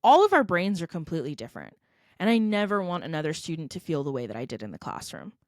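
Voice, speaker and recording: Earnest low-voiced woman telling her story. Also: big pitch swings, fast talker, darkish tone, no echo, clean studio sound. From California, United States. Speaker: guest, edtech company founder. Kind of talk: personal storytelling in a podcast interview.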